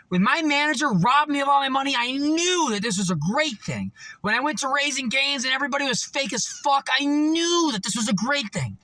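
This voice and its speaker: Man, high voice, bright tone, rambling profane motivational talk, dry close sound. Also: no echo. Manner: rambling and profane, with frequent fillers; animated storytelling. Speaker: motivational vlogger. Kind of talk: casual motivational monologue.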